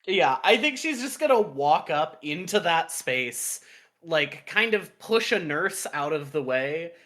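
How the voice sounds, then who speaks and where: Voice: medium pitch, sing-song, unhurried, a bit bright. A player in a tabletop game talking casually, with lots of fillers. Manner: casual, chatty, filler-heavy.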